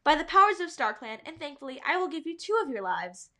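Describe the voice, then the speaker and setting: A woman's voice: sits high, big pitch swings, fast talker, sharp tone, exaggerated voice. A woman voicing a male warrior cat spirit who speaks in a ceremonial, formal way.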